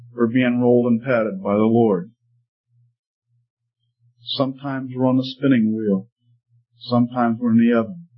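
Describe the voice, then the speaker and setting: A man preaching, telling a parable in an earnest, measured way. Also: medium pitch. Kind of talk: sermon storytelling. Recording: slightly muffled recording.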